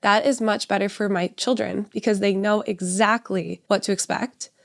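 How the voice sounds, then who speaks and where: A woman's voice: mid-range voice, fairly even intonation, moderate pace, gravelly. A woman in her thirties hosting a solo parenting podcast, talking in a conversational, reflective way and often checking in with "right?". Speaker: podcast host, parenting educator.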